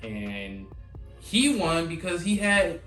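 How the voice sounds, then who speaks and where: Animated man in a roomy room. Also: takes it slowly. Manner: animated, mimics others in high squeals while retelling. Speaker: podcast co-host. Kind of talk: casual chat. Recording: roomy, distant mic with faint music.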